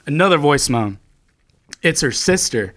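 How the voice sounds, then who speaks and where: A man's voice: a little high, animated, normal speed, fairly bright tone. A young man telling a long story to his friends in casual chat, rambling and swearing, with lots of filler words.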